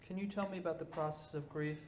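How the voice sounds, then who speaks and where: Higher-voiced male interviewer in an echoey room. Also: fairly even intonation, quick pace, darkish tone. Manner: brief, direct questions. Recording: roomy echo with faint background hum.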